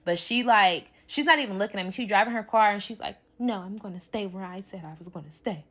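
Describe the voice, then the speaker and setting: A woman's voice: mid-range voice, quick pace, fairly bright tone. A woman telling her own story in casual speech, bluntly and profanely, acting out the voices of the people she quotes.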